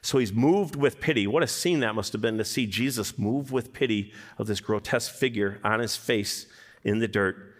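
A man preaching a sermon as pastor, animated, acting out quotes in different voices. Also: fairly low pitch, normal speed, long reverb tail.

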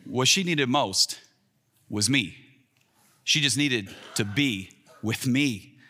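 This is an earnest sermon from a pastor in his thirties, spoken slowly at medium pitch with a pushed, bright tone. He gives the quoted lines extra lift, acting them out. A large hall adds long reverb.

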